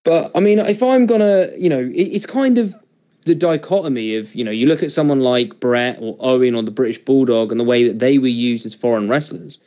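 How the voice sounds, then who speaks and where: Male podcast co-host, mellow dark tone, opinionated and casual. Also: medium pitch, brisk.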